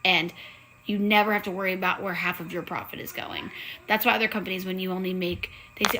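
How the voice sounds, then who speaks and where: A woman speaks with a bright, clear tone. She talks in an earnest, chatty way, like a sales director on a live video call. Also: on the low side, steady tone, a little fast, slight background noise, low-quality recording. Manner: chatty, earnest, says y'all. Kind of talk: casual live-stream pitch.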